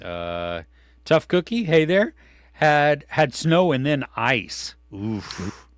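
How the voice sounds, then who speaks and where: A man co-hosting a casual live stream, reading viewers' comments and swinging from excited outbursts to low mutters. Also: takes it slowly, no echo, studio quality. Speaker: podcast co-host reading live chat. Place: home studio.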